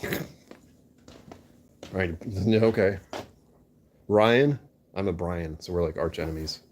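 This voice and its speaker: A man's voice: deep voice, takes it slowly, darkish tone, a little hiss or hum. A man casually chatting with his live-stream viewers, joking and poking fun at himself while answering the chat. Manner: chatty, jokey, self-mocking.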